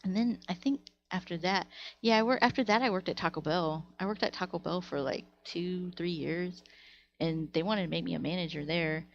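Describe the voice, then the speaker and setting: A woman live streamer telling stories in a casual, animated way, laughing often. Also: lowish voice, moderate pace, gravelly, muffled recording, slight background noise. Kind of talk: casual storytelling to chat.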